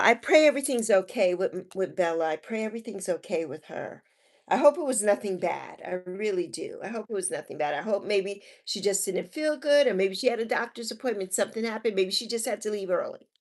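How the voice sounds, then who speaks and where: A woman with a mid-range voice and a moderate pace hosts a live stream, casually reading viewer comments. Affectionate and sympathetic, she calls people endearing names and softly repeats her kind wishes.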